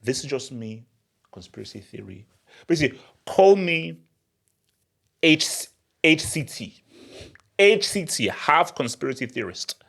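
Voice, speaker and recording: A young man hosting a football channel, talking in an excitable, laughing rant. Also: a little high, measured pace, creaky, long pauses. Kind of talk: animated football commentary vlog.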